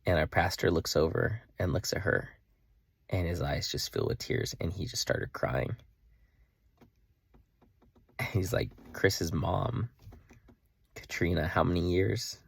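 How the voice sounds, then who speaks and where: A man's voice: low voice, unhurried, vocal fry, pauses often, breathy edge. A young man earnestly telling a personal faith story in a casual vlog, with lots of "like" and restarts. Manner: earnest, emotional, full of "like" and restarts. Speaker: vlogger.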